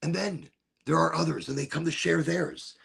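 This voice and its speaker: A man hosting his own podcast, rambling in a relaxed, playful and self-amused way. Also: on the high side, moderate pace, gravelly, slightly rough. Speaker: podcast host. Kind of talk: casual stoned monologue.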